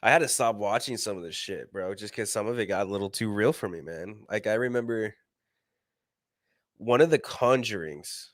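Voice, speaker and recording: A man's voice: lowish voice, normal speed, dry recording, clean studio sound. A man chatting casually on a podcast, laid-back and loose with slang. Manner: laid-back, casual, says "dude" and "you know what I mean". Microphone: podcast studio mic.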